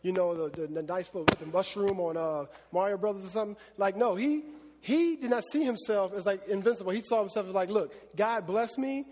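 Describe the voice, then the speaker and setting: A man preaching a casual Bible lesson, chatty and animated, with many fillers. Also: high voice, fast talker, in a large hall, background noise.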